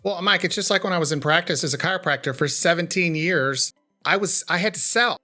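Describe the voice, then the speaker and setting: A middle-aged man hosting a podcast interview, speaking earnestly and reflectively, a little halting. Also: fairly high pitch, bright, forceful tone, faint music behind. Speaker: podcast host, former chiropractor. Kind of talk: podcast interview, conversational remarks.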